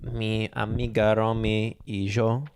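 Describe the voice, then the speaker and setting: Gravelly, laid-back young male co-host. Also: fairly low pitch, completely flat delivery, slow, darkish tone, dry recording, studio quality. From Pennsylvania, USA. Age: young adult. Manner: laid-back, trails off, stumbles over words. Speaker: podcast co-host. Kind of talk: casual chat.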